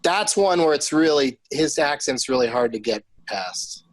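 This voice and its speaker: A man's voice: a little high, animated, unhurried, a little hiss or hum. A man hosting a comedy game podcast, chatting in a rambling way and laughing easily. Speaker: podcast host.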